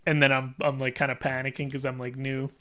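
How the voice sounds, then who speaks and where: A man's voice: mid-range voice, completely flat delivery, brisk, a bit bright, a little hiss or hum. A man casually telling a long story as a podcast guest, rambling with lots of "like" and restarts and laughing as he goes.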